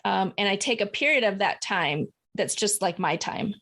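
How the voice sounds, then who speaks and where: A woman's voice: mid-range voice, lively intonation, moderate pace, fairly bright tone. A woman hosting a podcast, chatting casually over a remote call with many fillers and easy laughter. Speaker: podcast host. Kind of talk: casual interview chat and show outro.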